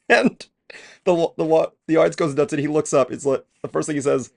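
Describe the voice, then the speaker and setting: A man with a gravelly, creaky voice chats casually as a co-host of a trailer reaction show. He rambles from point to point, pokes fun at himself, and swears freely along the way. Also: a little high, normal speed. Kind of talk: casual chat.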